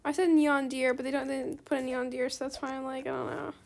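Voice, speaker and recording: A woman with a high-pitched voice talks quickly while hosting her gaming channel. She chats casually as she commentates on gameplay, breaking into excited squeals.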